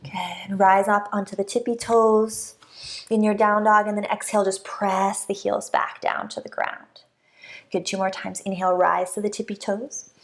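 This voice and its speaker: A woman teaching a yoga class, calmly giving breath-timed cues with soft hums and encouragement between them. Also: mid-range voice, moderate pace. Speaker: yoga instructor. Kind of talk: guided yoga class instruction.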